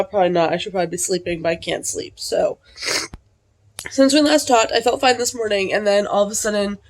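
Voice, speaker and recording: A woman's voice: medium pitch, a little fast. A young adult woman chatting casually in a reading vlog, rambling along with lots of "like" fillers. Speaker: book vlogger.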